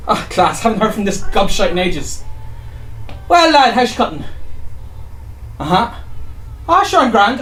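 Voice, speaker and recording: Lively Irish speaker, roomy echo. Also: mid-range voice. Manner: lively, chatty and colloquial. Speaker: example speaker in a played clip. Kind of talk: casual chat.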